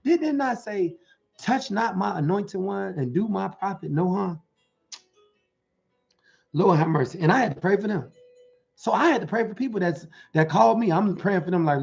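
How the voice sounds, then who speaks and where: A man's voice: high voice, animated, normal speed, creaky, dull audio, soft background music. A man preaching motivation to an online audience, speaking in rhythmic, rhyming phrases and often checking in with his listeners. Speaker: motivational preacher and life coach.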